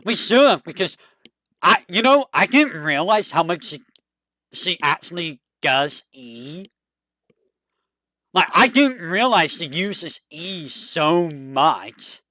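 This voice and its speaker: A streamer chatting casually to a live audience, rambling and excitable with a fond tone. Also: mid-range voice, takes it slowly, no room sound, studio quality.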